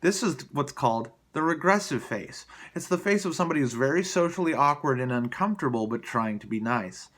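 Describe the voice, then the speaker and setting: A man's voice: fairly high pitch, expressive, brisk, hardly any pauses, fairly bright tone. A man doing improvised, single-take vlog commentary in a mocking, sarcastic, rambling way, recorded on a camera placed below him. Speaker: vlogger.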